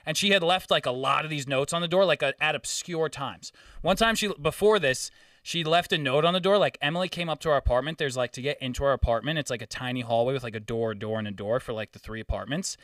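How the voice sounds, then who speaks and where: A man's voice: mid-range voice, quick pace, dry recording, studio quality, far from the mic. Young man telling a swearing rant. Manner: swearing, animated storytelling. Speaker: podcast host. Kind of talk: casual chat.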